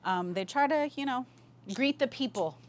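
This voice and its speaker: A woman teaching a language class, speaking patiently and repeating words slowly for learners, with easy laughs. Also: high-pitched, expressive. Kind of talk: online language lesson.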